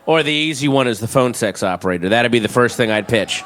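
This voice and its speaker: A man's voice: mid-range voice, animated, quick pace, fairly bright tone, a little hiss or hum. A man doing a stand-up comedy set, rambling, profane and self-mocking.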